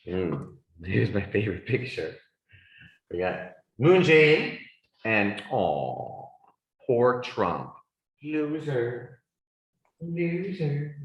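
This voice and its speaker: A man teaching an English class, speaking slowly and deliberately for students. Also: muffled recording. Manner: slow, deliberate speech with lively pitch swings. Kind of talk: classroom lesson. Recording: echoey classroom sound.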